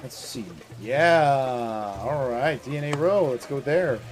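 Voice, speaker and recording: A man's voice: mid-range voice, takes it slowly. A Dutch man streaming a video game, chatting casually with his viewers and laughing often. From Netherlands. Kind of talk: casual live-stream chat while playing. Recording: game music behind.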